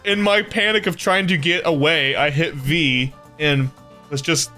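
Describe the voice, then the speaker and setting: A man chatting casually while reacting to old gaming clips, telling stories in an animated way. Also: fairly high pitch, measured pace, soft background music. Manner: animated, laughing storyteller. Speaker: youtuber reacting to a compilation.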